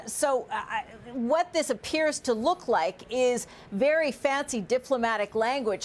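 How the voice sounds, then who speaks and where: A woman reporter talks through diplomatic developments in a measured, analytical way, pausing on fillers as she works through her points. Her voice sits a little higher than most women's. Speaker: news reporter. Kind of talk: live news analysis.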